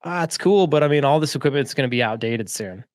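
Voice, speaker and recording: A man's voice: medium pitch, expressive, fast talker, no room sound, studio quality, close to an everyday voice. A man doing a gloomy, unimpressed boy. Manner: dismissive, unimpressed.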